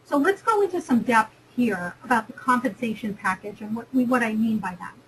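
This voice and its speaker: A woman's voice: fairly high pitch, expressive, brisk, fairly bright tone, a little hiss or hum, poor audio. A woman from New Jersey giving a chatty, emphatic webinar lecture on negotiation, often repeating and restarting phrases. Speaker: career webinar presenter.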